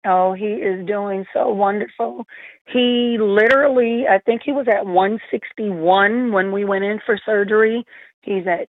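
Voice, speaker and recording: A woman's voice: mid-range voice, steady tone, unhurried, no room sound. A woman guest in a podcast interview, heartfelt, grateful and emotional, over a dull lo-fi remote line. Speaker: interview guest, kidney donor.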